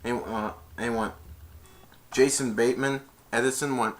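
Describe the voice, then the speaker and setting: A man's voice: medium pitch, steady tone, a little slow. A young man casually retelling a movie scene as a reviewer, rambling and stringing events together with "and then". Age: young adult.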